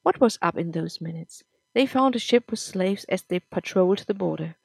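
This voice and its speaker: A woman reading a serialized story aloud for her podcast in a steady, plain manner. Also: on the low side, moderate pace, gravelly, breathy edge, no room sound. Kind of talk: scripted story narration.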